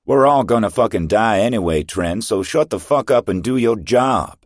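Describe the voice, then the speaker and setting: A man's voice: lowish voice, expressive, moderate pace, no room sound, clean studio sound, voice pushed up, lightly acted. A man playing a hardened male soldier, second in command, who barks profane orders. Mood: furious.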